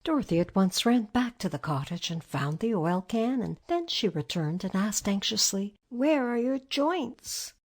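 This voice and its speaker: Husky woman reading a storybook. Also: mid-range voice, animated, normal speed, few pauses. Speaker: narrator. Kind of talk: scripted storybook narration.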